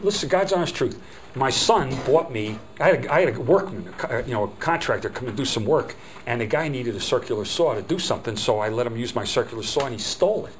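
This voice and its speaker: A middle-aged man with a New Jersey accent talks his way through a business seminar in a loose, digressive manner, now and then breaking into voices for customers. His pitch sits in the middle range. There is a faint hum of room ambience behind him. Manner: chatty, digressive, acts out quoted customers. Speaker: business trainer. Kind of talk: informal seminar lecture.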